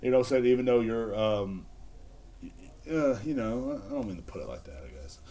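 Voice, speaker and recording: A man's voice: mid-range voice, lively intonation, a little fast, warm tone, slight background noise. A young adult man hosting a solo podcast, ranting in a sarcastic, profane, rambling way with many restarts. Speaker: podcast host. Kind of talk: casual solo rant.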